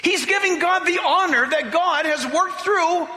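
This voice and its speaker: A man preaching a sermon in a church, emphatic and animated, slowing down to read scripture and breaking into mocking voices. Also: extremely high pitch. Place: church sanctuary. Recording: long reverb of a hall.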